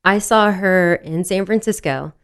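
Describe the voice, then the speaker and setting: A woman in her thirties, a guest on a podcast, chats casually in a middle-pitched voice. She tells stories with animation and slips into the voices of the people she quotes. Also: unhurried, smooth. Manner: animated, acts out quotes in dialogue. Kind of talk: casual interview storytelling.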